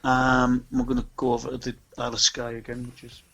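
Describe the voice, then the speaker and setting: A man's voice: medium pitch, monotone, a little fast, gravelly, fairly bright tone, husky, low-quality recording. A man with a North East English accent, raised in Scotland, chatting casually as a guest about a charity music event, rambling with many ums and restarts. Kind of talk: casual chat.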